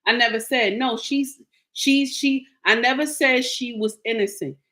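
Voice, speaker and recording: A woman vlogging casual commentary, telling stories in an animated, emphatic way. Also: a little high, measured pace.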